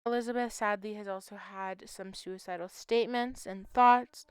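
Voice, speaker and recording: A woman with a very smooth, clear voice makes a heartfelt appeal to her viewers. She hosts a missing-persons channel and speaks with emotion and urgency. The sound is dry and close, with no room around her. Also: medium pitch, steady tone, moderate pace, no room sound.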